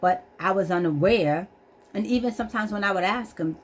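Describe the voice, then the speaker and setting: A woman's voice: mid-range voice, a little fast, a little hiss or hum. A middle-aged woman telling a candid, earnest personal testimony about her struggles, repeating herself and holding back tears. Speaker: vlogger.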